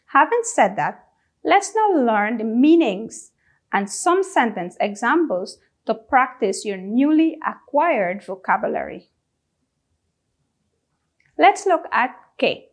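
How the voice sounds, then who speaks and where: A woman's voice: on the high side, very animated. A woman teaching a language lesson, drilling each question word and asking the listener to repeat after her. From Guyana. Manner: drills words, pausing for repetition. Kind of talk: slow, deliberate classroom instruction.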